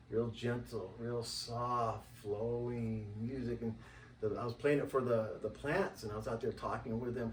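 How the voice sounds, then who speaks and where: A man's voice: medium pitch, a little hiss or hum. Rambling man in a roomy room. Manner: rambling, animated, acts out quoted voices. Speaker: interview guest. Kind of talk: casual conversation. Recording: roomy, distant mic, faint ambience.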